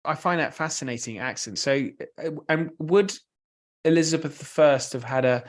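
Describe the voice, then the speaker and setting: A man's voice: a little high, normal speed. A man hosting a podcast interview, asking curious follow-up questions in a casual way. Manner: inquisitive, asks follow-up questions. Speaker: podcast host.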